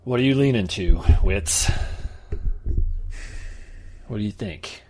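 Male player, unhurried low-key delivery, lower register. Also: lively intonation. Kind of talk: playing a tabletop game in character.

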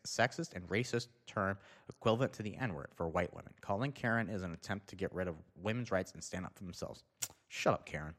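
A man ranting on his show in a sarcastic, profane comedic style, swearing freely. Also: low-pitched. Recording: long reverb.

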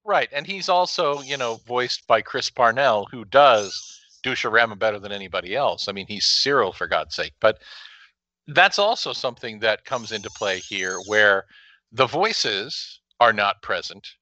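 A man's voice: lowish voice, expressive, moderate pace, sharp tone, no echo, dull audio. A man co-hosting a casual comic review chat, making wry, sardonic remarks. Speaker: podcast co-host reviewing comics.

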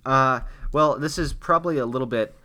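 A man's voice: mid-range voice, a little fast, bright, forceful tone. A young man co-hosting a podcast, rambling in casual chat with lots of fillers. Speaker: podcast co-host.

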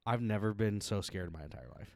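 A podcast co-host chatting casually and telling an animated story, swearing freely and laughing often. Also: male voice, on the low side, fast talker, no room sound, studio quality. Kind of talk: casual chat.

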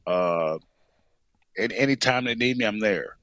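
A man, a pro wrestler, telling an animated story in an interview and often saying "you know what I'm saying". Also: fairly low pitch, unhurried, dry recording, dull audio.

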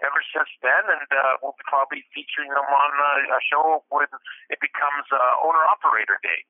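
A man's voice: mid-range voice, no room sound. A man hosting a podcast, telling a casual story as a truck driver, rambling with lots of fillers and restarts. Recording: tinny phone-line sound.

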